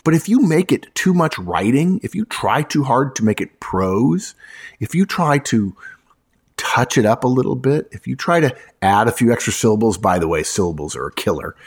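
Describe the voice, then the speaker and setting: A man's voice: medium pitch, expressive, normal speed, husky. A man who works as a recruiter gives emphatic, punchy resume advice, hammering his points home and addressing listeners as folks.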